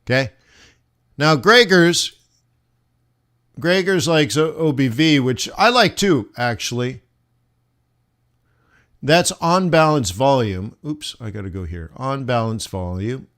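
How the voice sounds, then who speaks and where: Guy teaching forex on a live stream, talks slow, keeps asking viewers why, desk mic. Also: mid-range voice, expressive, fairly bright tone. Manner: conversational, rhetorical questions to viewers. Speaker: forex trading instructor. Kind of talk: live-stream trading lesson.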